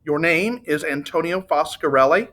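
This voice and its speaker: A man's voice: on the high side, normal speed, sharp tone. A man voicing a precise detective who asks formal, dry questions. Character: precise, dry-witted older male detective.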